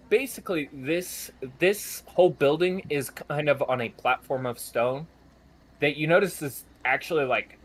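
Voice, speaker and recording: A young man narrating a tabletop game as game master, in a slow, halting way. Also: medium pitch.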